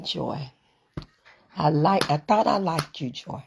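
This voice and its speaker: A woman's voice: sits low, lively intonation, slow, vocal fry, a little mellow, breathy edge. A woman hosting a casual live stream, chatting straight to her viewers and answering their comments. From United States. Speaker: livestream host reading viewer comments.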